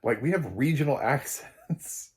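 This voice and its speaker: An American film critic gives a casual spoken review, blunt and sarcastic, rambling along with plenty of fillers and restarts. His mid-range voice is expressive and unhurried.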